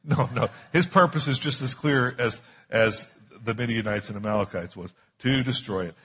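A man preaching a sermon with a husky, slightly breathy voice. He is emphatic and drives his points home by repeating key phrases. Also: mid-range voice, moderate pace, a bit bright. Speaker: pastor.

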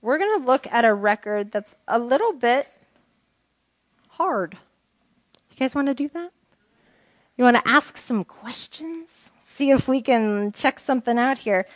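Her pitch is fairly high and her intonation lively as this Bible teacher takes her time, pausing often. In a casual group lesson she reads scripture aloud and asks questions, and the recording is dry, close, and free of room sound.

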